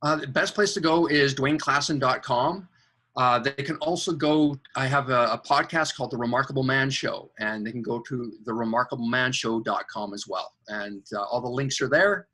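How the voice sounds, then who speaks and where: Bright-voiced enthusiastic male coach. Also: moderate pace. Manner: acts out angels' voices in a higher, excited tone; enthusiastic, spiritual coaching talk. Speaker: podcast guest, coach. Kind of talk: animated storytelling interview.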